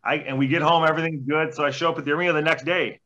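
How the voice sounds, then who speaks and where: Swearing, laid-back man with a bright voice. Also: a little high, steady tone, racing. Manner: laid-back, heavy swearing, rambling anecdotes. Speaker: podcast guest, former junior hockey player. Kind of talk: casual storytelling interview. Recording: dull lo-fi podcast audio.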